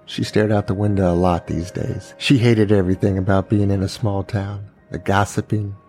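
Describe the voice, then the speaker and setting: A man narrating a true crime family story as a podcast host, unhurried and pausing, now and then voicing the people in it. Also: sits low, level tone, a little mellow, soft background music.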